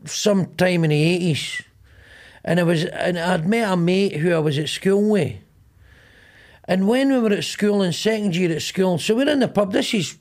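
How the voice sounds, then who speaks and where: Sweary middle-aged Glaswegian man, higher voice. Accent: Glaswegian Scottish. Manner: rambling, sweary storyteller acting out both sides of arguments. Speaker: podcast host. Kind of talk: casual comedic chat.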